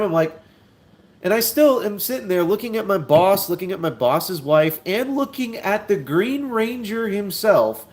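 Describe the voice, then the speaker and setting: A man's voice: high voice, lively intonation, moderate pace. A man telling a long story while unboxing a toy, rambling, repeating himself and using lots of fillers.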